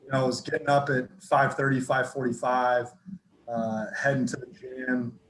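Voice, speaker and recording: A man from Northern California, a football strength coach telling his story casually in a podcast interview, relaxed and rambling with lots of fillers and restarts. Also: mid-range voice, moderate pace, a little hiss or hum. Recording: echoey room with faint ambience.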